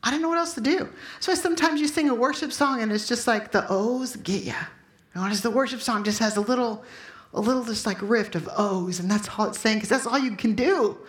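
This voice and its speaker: A woman in her fifties giving a sermon with personal testimony to a room of listeners, emotional and loudly acting out her own prayers. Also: fairly high pitch, fairly quick, roomy sound. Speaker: speaker at a Christian gathering.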